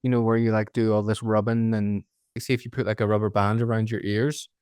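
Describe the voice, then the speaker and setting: A man's voice: on the low side, flat delivery, quick pace, a little mellow, clear, resonant tone, no echo. A man with a Belfast accent hosting a podcast, chatting casually and rambling with lots of "like" and asides. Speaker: podcast host.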